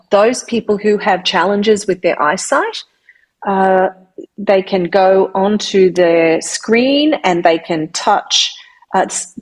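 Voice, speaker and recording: A middle-aged woman with an Australian accent, a voiceover artist and singer-songwriter, telling her story in a lively, animated interview. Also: medium pitch. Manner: animated, lively retelling of anecdotes.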